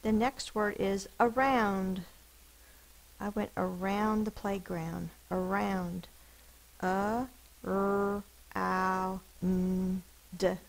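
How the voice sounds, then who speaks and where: A woman teacher giving a phonics spelling lesson, sounding out words slowly and deliberately over a screen recording. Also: mid-range voice, fairly even intonation, vocal fry, low-quality recording.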